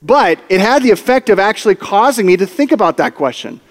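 A man's voice: high-pitched, fairly quick. A man preaching in a church, telling a story with comic energy and acting out the voices of the people in it. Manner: animated, comic storytelling with acted-out quotes. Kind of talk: storytelling sermon. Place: church hall. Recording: long hall reverb.

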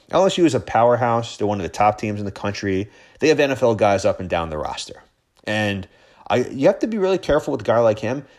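Low-voiced man ranting on a podcast. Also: a little mellow. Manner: rambling, frequent restarts and fillers, gets heated. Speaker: podcast host. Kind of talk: casual sports podcast monologue.

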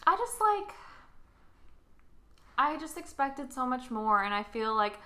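Young female podcast co-host, bright tone, animated casual chat. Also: high-pitched, slow, slight background noise. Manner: animated, laughs often, rants with feeling.

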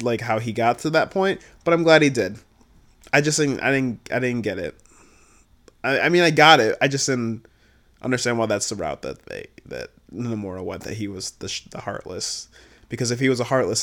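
A man giving a casual, profane recap, blunt and exasperated, swinging between low muttering and loud outbursts. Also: lively intonation, moderate pace. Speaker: video creator reviewing a game.

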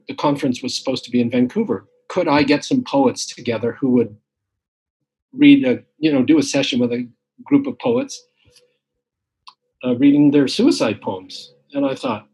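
A man's voice: fairly high pitch, lively intonation, moderate pace, darkish tone, husky, rough recording. A man in his sixties, a retired academic poet, telling his story in casual conversation with many fillers and restarts. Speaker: guest poet. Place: home, tree shredding outside.

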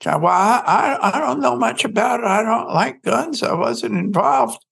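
A man's voice: extremely high pitch, lively intonation, measured pace, creaky, fairly bright tone, husky, pitched above the performer's own voice, full character voice. A man putting on the voice of a flustered woman witness who stammers.

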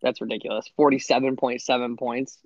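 A man trades casual fantasy football banter, animated and sarcastic, and swears freely. His voice is dry and close, with slightly dull, muffled audio. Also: mid-range voice, a little fast, no echo. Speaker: podcast co-host.

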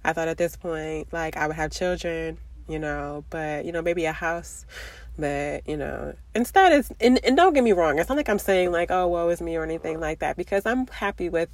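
A woman's voice: low-pitched, expressive, moderate pace, dry recording. A woman in her twenties with a nasal, stuffy voice from a cold, rambling candidly in a casual confessional vlog. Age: 20s. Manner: rambling, filler-heavy, candid. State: congested, under the weather. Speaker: vlogger.

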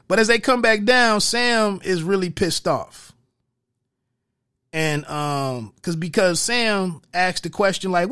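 A man's voice: sits high, a little slow, pushed and bright, clean tone, no echo, clean studio sound. A man giving a casual, profane recap of a movie, acting out its scenes with quoted lines. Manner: loose, profane, retells scenes with quoted dialogue. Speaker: movie reviewer.

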